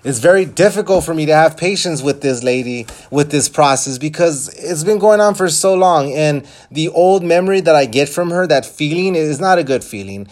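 A man's voice: fairly high pitch, lively intonation, moderate pace, hardly any pauses, a little mellow. Frustrated man ranting, swearing freely. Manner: frustrated, rambling, swears often. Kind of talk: casual vlog rant.

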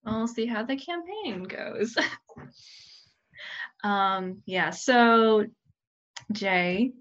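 A woman's voice: on the high side, extremely slow, fairly bright tone. A woman hosting a casual podcast chat, playful, asking questions and laughing often. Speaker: podcast host. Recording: dull audio with faint hiss.

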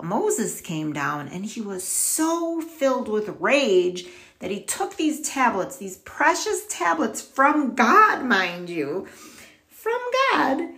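A woman podcast host retelling a story in a casual, chatty way and talking straight to her listeners. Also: medium pitch. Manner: chatty, animated, addresses listeners directly.

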